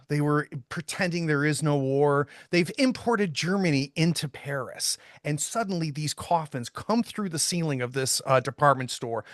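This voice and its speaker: A man's voice: on the high side, fairly bright tone, no echo. Game master, male, descriptive scene narration, dry close mic.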